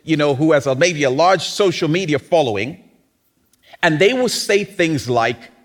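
A man's voice: on the high side, expressive, normal speed. A man preaching a sermon in a conversational, teasing way, often acting out mocking quotes.

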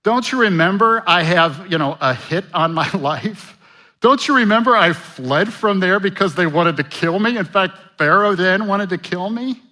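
Doing a full character voice pitched above his own, a man plays a frightened Moses pleading with God in disbelief. The pitch is fairly high with big swings, the pace is measured, and the tone is fairly bright.

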